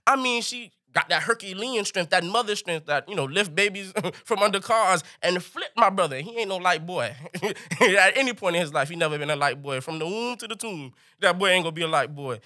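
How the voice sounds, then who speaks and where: A man telling a comic story in an animated way, jumping high in pitch for punchlines. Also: normal speed.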